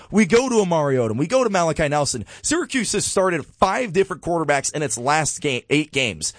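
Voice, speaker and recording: Animated exasperated male sports talker. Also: fairly high pitch, no echo. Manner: exasperated, animated, repeats a refrain. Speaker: sports podcast co-host. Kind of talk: casual sports commentary.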